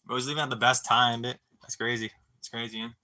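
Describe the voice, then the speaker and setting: A young man talks casually to a live stream audience with a very bright, forward voice. He rambles through a story, stumbles over restarts, swears freely and drops "dude" and "bro" into nearly every line. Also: medium pitch, level tone, brisk. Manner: stammering restarts.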